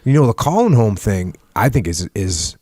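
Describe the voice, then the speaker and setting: A man hosting a podcast, asking questions in a relaxed way and chiming in with short agreements. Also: fairly low pitch, normal speed, breathy edge, no echo, studio quality. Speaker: podcast host, former navy officer. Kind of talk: casual interview.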